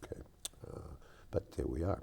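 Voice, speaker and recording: An older man from South Boston with a Boston accent, chatting casually as a host and telling rambling stories full of fillers. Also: normal speed. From South Boston, Massachusetts. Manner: rambling, animated storyteller with many fillers. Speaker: local cable show host. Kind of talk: casual chat.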